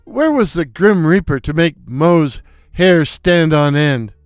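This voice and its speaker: An older man narrating a comic story in a wry, unhurried way. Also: fairly high pitch, animated, clear, resonant tone, no echo, clean studio sound. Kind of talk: scripted narration.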